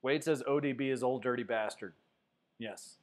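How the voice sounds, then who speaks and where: A man's voice: medium pitch, moderate pace. A man hosting a casual sports livestream, reading viewer comments aloud and chatting loosely, with plenty of fillers. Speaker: sports show host. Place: Denver.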